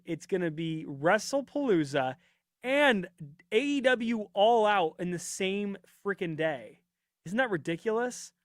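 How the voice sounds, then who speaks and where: A man hosts a live wrestling watch party in a loose, rambling chat, reading out viewer comments. His voice sits a bit high and sounds worn from a long stream. The sound is close-miked and dry. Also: no room sound. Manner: chatty and rambling, reads viewer comments aloud. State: voice getting worn out. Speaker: podcast host.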